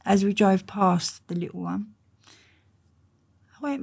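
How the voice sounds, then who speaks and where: In a slow, gravelly, mid-range voice, a woman tells stories as a guest in an interview. She comes across as an animated storyteller, blunt and slangy.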